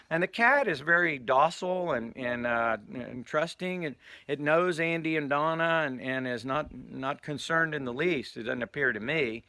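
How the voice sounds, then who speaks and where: Bright-voiced rambling male storyteller. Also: medium pitch, dry recording. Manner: rambling, lots of "and, uh" fillers and restarts. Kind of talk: casual anecdote telling.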